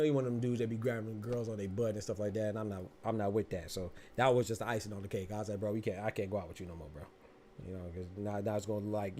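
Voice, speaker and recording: A man's voice: fairly low pitch, a little mellow, a little hiss or hum. A man in his thirties hosting a boxing podcast, telling a story in casual slang and laughing as he goes. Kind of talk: casual storytelling and live chat.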